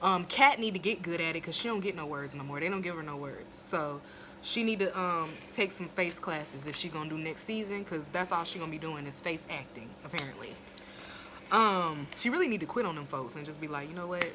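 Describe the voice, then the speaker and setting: A woman's voice: sits low, a little fast, noisy background. A young woman recapping a TV episode in a casual, profane, blunt way, laughing as she goes, recorded on a phone at home. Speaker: TV episode reviewer.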